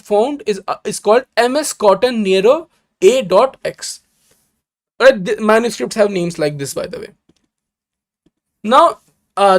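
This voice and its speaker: Literature tutor, live online class, explains step by step and keeps asking "right?". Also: medium pitch. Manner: reads verse lines slowly and deliberately; greets viewers by name mid-lecture. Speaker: exam-prep literature teacher.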